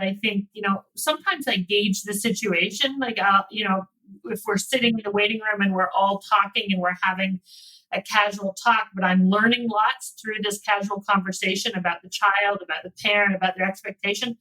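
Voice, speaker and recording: A woman working in private school admissions, talking through interview tips in a relaxed panel discussion, with frequent restarts. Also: medium pitch, low-quality recording. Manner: warm conversational storytelling with many restarts.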